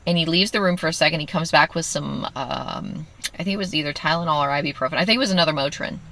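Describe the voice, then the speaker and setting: A woman's voice: sits low, fast, creaky, sharp tone. A woman telling a candid personal story in a wry way, acting out what others said. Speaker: vlogger.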